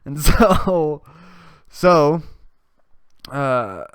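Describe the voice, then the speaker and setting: A man's voice: fairly high pitch, very animated, very slow, smooth, no room sound, studio quality. A man hosting a podcast, retelling a story in a casual, rambling way, swearing and laughing often. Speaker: podcast host.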